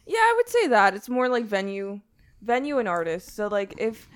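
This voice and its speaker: Relaxed woman chatting casually. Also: medium pitch, normal speed, clear, resonant tone. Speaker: podcast co-host, musician. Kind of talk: casual chat.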